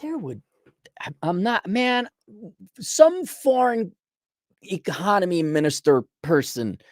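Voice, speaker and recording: A man's voice: mid-range voice, darkish tone, no room sound. A man hosts a casual rant, answering a viewer's letter in a blunt, profane way. He rambles and restarts often, with a mid-range voice. The sound is dry and close. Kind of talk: casual ranting commentary.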